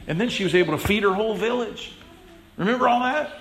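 A man's voice: quick pace, a bit bright. A man preaching a sermon in a conversational way, calling on listeners by name and acting out the voices in the stories. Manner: conversational, addresses congregation members by name; acts out quoted voices with big pitch swings. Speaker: pastor.

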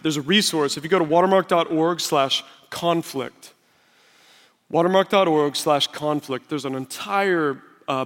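A man's voice: medium pitch, a bit bright. A man preaching a sermon as pastor, emphatic and conversational. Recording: long reverb of a large hall.

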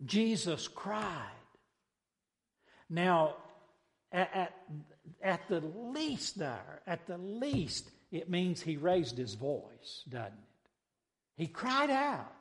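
Man, pastor, animated sermon, high lively voice, long hall reverb. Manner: animated preaching, swinging between soft asides and loud cries.

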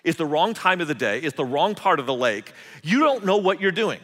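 Preacher acting out a bold fisherman, loud and high, long hall reverb. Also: sing-song, fairly quick. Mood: scornful. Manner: shouting to partners across the water. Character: adult male fisherman, proud and bold.

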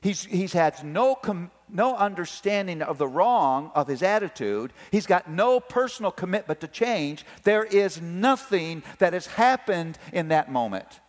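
Middle-aged male preacher, slightly high voice, storyteller, hall echo. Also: measured pace, few pauses. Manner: animated storytelling, acts out family voices. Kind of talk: sermon on parenting. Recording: long hall reverb.

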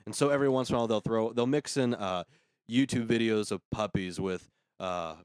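A man's voice: on the low side, a little fast, clean tone, no room sound, clean studio sound. A young man hosting a casual podcast, opinionated and sarcastic, cutting in to finish his thoughts. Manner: opinionated, sarcastic, talks over co-host. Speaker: podcast host. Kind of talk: casual ranting chat.

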